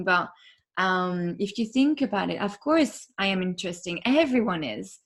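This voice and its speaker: A woman podcast host being interviewed, talking casually with many fillers and soft laughs. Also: mid-range voice, lively intonation, moderate pace.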